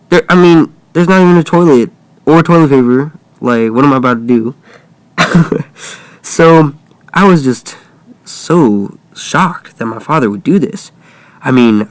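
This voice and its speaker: A man's voice: medium pitch, no room sound. A young man in a dry, close recording improvises a first-person creepy tale in a loose, casual way. His voice sits in an ordinary middle register, and he slips in jokey asides as he goes. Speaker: storyteller.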